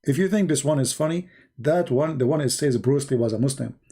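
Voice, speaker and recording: Sarcastic man with dark voice. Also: mid-range voice, brisk, slightly rough. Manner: sarcastic, non-native grammar, shifts between loud and quiet. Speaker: online commentator. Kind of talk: mocking commentary.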